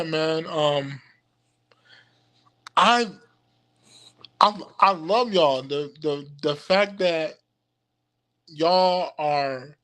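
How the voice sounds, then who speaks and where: A young man hosting a livestream, talking casually to his viewers, halting and full of stammered restarts, often laughing. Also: a little high, a bit bright. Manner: addresses viewers directly as "y'all". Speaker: occult livestream host. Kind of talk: rambling casual livestream talk.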